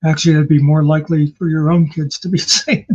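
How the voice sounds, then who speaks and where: Husky man chatting in rambling anecdotes. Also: fairly high pitch, level tone, fairly quick, a little mellow, highs cut off. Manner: rambling, anecdotal, with many fillers. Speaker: podcast co-host. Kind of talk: casual chat.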